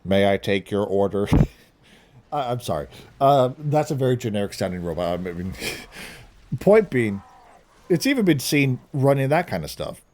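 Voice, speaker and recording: A man's voice: medium pitch, sing-song, measured pace, long pauses, a little mellow. A young man vlogging his opinions in a casual, rambling monologue, laughing at his own jokes. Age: young adult.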